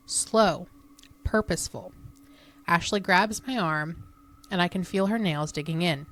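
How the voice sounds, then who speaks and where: A woman with a slightly low voice tells a ghost story as a podcast co-host. She keeps it hushed and suspenseful, slowing down to build dread. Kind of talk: reading spooky stories aloud.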